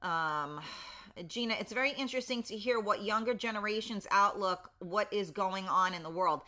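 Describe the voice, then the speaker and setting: A woman's voice: medium pitch, normal speed, sharp tone. A woman around fifty hosting a casual live stream, chatty and reading viewers' comments aloud with lots of fillers, a little foggy and in pain. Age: 50s. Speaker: livestream host.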